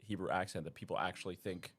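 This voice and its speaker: A man hosting a casual podcast, asking questions and teasing his guest in a relaxed way. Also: sits low, quick pace, slightly rough. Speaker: podcast host.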